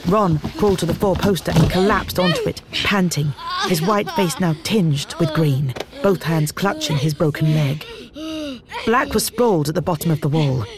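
An audiobook narrator reading fantasy in a measured, dramatic storytelling manner. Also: medium pitch, animated, crowd noise. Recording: music bed under narration. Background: background music.

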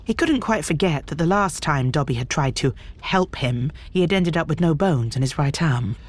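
Male audiobook narrator, measured. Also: fairly high pitch. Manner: measured, expressive storytelling. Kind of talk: scripted narration.

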